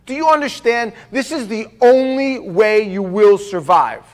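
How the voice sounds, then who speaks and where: Guy pastor preaching, kinda high voice, chatty and jokey, does little voices for people. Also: unhurried. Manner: conversational, jokey, acts out quoted people. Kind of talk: sermon.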